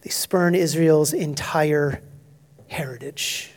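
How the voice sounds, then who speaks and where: A male pastor preaching an expository sermon, emphatic, swinging between loud declarations and hushed, near-whispered asides. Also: on the high side, fairly even intonation, slow.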